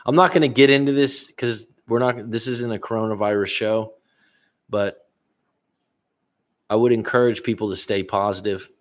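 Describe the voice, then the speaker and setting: A male coach talks off the cuff on a livestream, answering viewers' comments as they come. His voice sits on the low side, and he rambles, trips over words and starts again. He sounds like a relaxed middle-aged man speaking into a webcam. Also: moderate pace, pauses often. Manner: casual, rambling, many restarts, answers chat aloud. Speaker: relationship coach.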